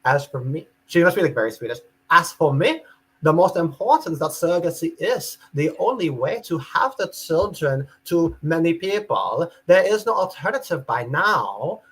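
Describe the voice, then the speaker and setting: A man voicing an indignant foreign woman commenter, speaking in halting, stilted phrases with a generic foreign accent. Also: medium pitch, slightly rough, close to an everyday voice, rough recording.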